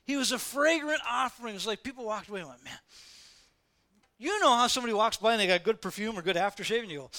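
A man's voice: sits high, animated, fast, sharp tone. A man preaching a sermon in a conversational way, repeating phrases for emphasis and acting out quoted voices. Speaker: pastor.

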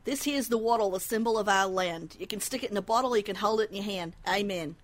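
A woman's voice: mid-range voice, quick pace, a little hiss or hum, close to an everyday voice. A woman voicing an Australian man reciting a solemn patriotic ditty in a sing-song way. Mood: mock-solemn.

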